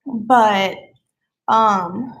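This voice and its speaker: A woman's voice: mid-range voice, very slow, gravelly. A young woman with a slight Southern accent, chatting casually on a live stream, rambling and easily sidetracked. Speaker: livestreamer.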